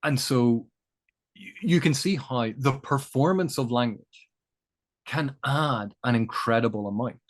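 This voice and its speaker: A man's voice: mid-range voice, measured pace. A man who is the guest of an interview, talking in a thoughtful, lecturing way and building each point with examples. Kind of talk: explanatory interview chat.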